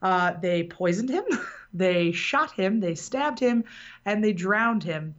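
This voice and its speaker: A woman's voice: medium pitch, animated, slow pace. Woman podcast host, loose rambling storyteller who laughs easily, lo-fi sound. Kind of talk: casual chat.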